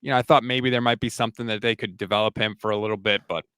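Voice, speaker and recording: A man's voice: on the low side, steady tone, racing, a bit bright, slight background noise. A man co-hosting a casual sports talk show, wry in tone, reading news and comments. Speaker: podcast co-host.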